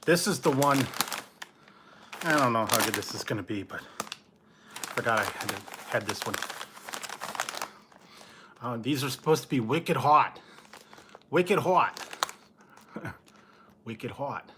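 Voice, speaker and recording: A man's voice: medium pitch, animated, a little slow, pauses often, noisy background. A man reviewing snacks in a laid-back, casual way, chuckling often and trailing off mid-sentence. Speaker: food review vlogger.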